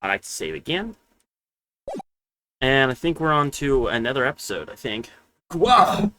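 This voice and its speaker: A man's voice: mid-range voice, animated, pushed and bright, faint music behind. A man playing through a game and reading its dialogue aloud in a casual way, stumbling and restarting lines and tossing in joking asides. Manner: reads slowly and stumbles over text, restarts lines; jokey asides between read lines. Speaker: let's-play gamer reading game text aloud.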